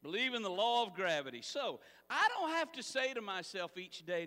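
A man preaching a sermon as pastor, animated and calling out to the congregation. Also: high-pitched, moderate pace, few pauses, in a large hall. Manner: animated preaching with audience call-outs.

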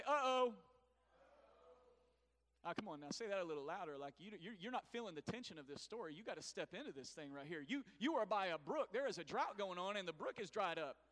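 A middle-aged man preaching a sermon, calling on the congregation to answer back. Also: sits high. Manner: animated preaching with call-and-response to the congregation. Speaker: pastor. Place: church sanctuary. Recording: long reverb of a church hall.

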